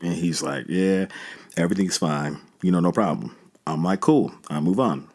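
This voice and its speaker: Podcast host, man in his thirties, slightly low voice, casual slangy storyteller. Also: moderate pace. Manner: relaxed, chatty, slangy storyteller.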